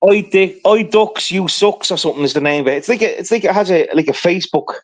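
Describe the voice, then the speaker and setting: A man spins a long, rambling story in casual livestream chat, swearing freely and checking in with "right?" as he goes. His voice sits somewhat high for a man. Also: quick pace.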